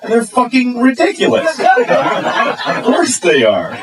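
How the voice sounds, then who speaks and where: A male stand-up comic with a high, very animated voice, telling provocative, crude jokes. He is caught from a distance on stage, with a loud crowd laughing all around him. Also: takes it slowly, heavy background noise. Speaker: stand-up comedian. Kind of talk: stand-up routine.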